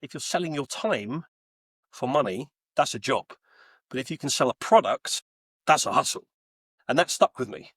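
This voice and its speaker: A man's voice: medium pitch, normal speed, long pauses, slightly rough, no room sound. A man in his forties who grew up in Texas, chatting as a podcast guest and telling stories with lots of fillers and restarts. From Texas, USA. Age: 40s. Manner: chatty, animated storyteller with many fillers and restarts. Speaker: guest, home Bitcoin miner. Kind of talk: casual interview chat.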